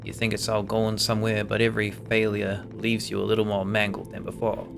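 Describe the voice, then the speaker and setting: A man's voice: fairly low pitch, monotone, a little fast, gravelly. A man reading a video game's lines aloud in character, voicing a bitter man who taunts a drunk captain in an improvised, vague non-American accent with an intense, mocking drawl. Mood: sneering. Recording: game music playing behind. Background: game music.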